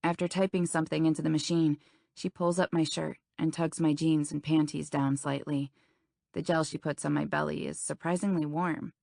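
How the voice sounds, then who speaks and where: A woman's voice: sits low, flat delivery, moderate pace, creaky, warm tone, no echo, studio quality. A young woman narrating a first-person romance audiobook in an intimate, anxious telling. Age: young adult.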